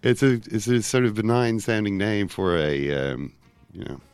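A man co-hosting a casual football podcast, talking in rambling, self-interrupting runs with animated asides. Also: fairly low pitch, normal speed, smooth, no echo. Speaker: podcast co-host.

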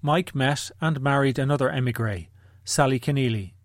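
Measured male documentary narrator. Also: medium pitch. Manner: measured, matter-of-fact storytelling. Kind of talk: scripted narration.

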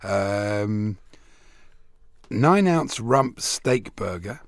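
A man's voice: fairly low pitch, expressive, drawn-out words, no room sound. Radio guy reading funny news bits, chuckly, dry close mic. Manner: amused, laughs often, reads out news items. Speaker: radio sports show co-host. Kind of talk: casual radio banter. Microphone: studio microphone.

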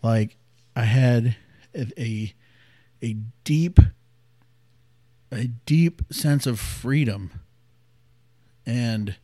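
A man in his late thirties, a podcast host telling a personal story in a candid, reflective way, often dropping to a hushed voice. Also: mid-range voice, drawn-out words, long pauses, no echo.

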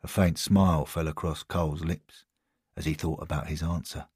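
Low, husky male storyteller. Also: fairly even intonation, moderate pace, darkish tone, no room sound, clean studio sound. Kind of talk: scripted story narration.

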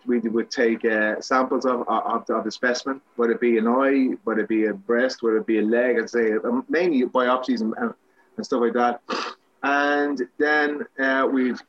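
A man's voice: medium pitch, fairly bright tone, dull audio. An Irish man, a guest actor, telling rambling, self-mocking anecdotes with many restarts in a casual interview.

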